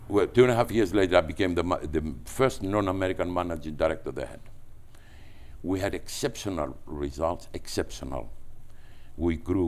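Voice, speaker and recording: A man from Greece with a Greek accent, telling business anecdotes as a guest, animated and full of restarts. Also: very deep voice. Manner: animated, with frequent restarts and repetitions. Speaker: entrepreneur guest. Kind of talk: anecdotal storytelling.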